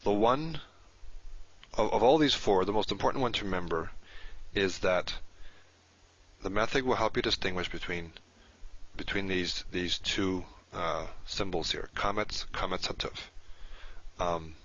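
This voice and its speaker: Low-voiced man giving a patient lesson. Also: a little slow, pauses often, fairly bright tone. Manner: patient, explanatory, repeats key terms. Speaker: Hebrew teacher. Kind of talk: recorded lecture. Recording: dull lo-fi recording.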